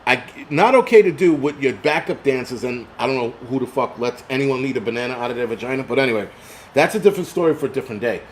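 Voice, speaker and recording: In a mid-range voice that's fast and lively in intonation, a middle-aged man on a live stream reads chat comments aloud and rants profanely, a bit tipsy from liquor, in a casual way. The audio carries a little hiss or hum.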